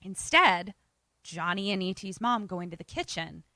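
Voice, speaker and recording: A woman's voice: mid-range voice, normal speed, no echo. A woman co-hosting a podcast, casually retelling a film's plot and acting out the quotes, swearing now and then. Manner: animated storyteller, acts out quotes, swears casually. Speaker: podcast co-host.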